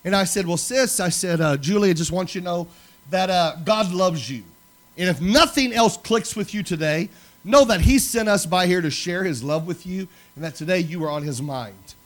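A man preaching a sermon, telling personal stories in an animated way that swings from loud to hushed. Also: sits high, normal speed. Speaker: pastor.

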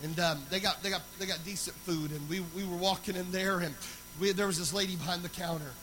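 A man preaching a sermon, moving between loud, sung exhortation and quiet, conversational storytelling. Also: high-pitched, fairly even intonation, fairly quick, slight background noise, rough recording.

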